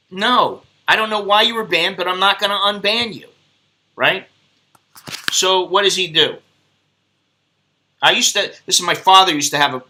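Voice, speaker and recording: Brief: male streamer, blunt and foul-mouthed, rambling chat, bright slightly high voice. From United States. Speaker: live stream host.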